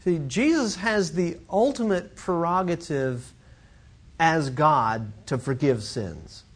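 A man who teaches Greek, preaching a sermon and explaining scripture in an animated teaching manner, acting out quoted voices. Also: fairly high pitch, slow pace.

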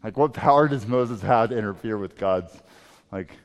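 A man preaching a sermon as pastor, emphatic and swinging between loud and soft delivery. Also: fairly low pitch, normal speed, smooth. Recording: long reverb of a large hall.

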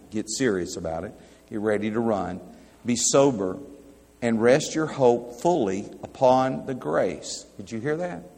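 A man's voice: fairly low pitch, a little mellow. Man preaching in a reverberant hall. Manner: conversational Bible teaching, reading verses aloud and asking the audience. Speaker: pastor. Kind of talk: sermon.

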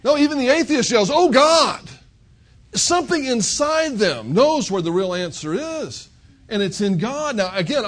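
A man's voice: sits high, breathy edge. A male pastor preaching an expository sermon in a conversational, emphatic way, full of rhetorical questions.

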